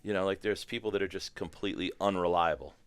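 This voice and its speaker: A man chatting as a firearms trainer guest on a podcast, telling animated, profane stories. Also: low voice, quick pace, clean tone, no room sound. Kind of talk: casual podcast chat.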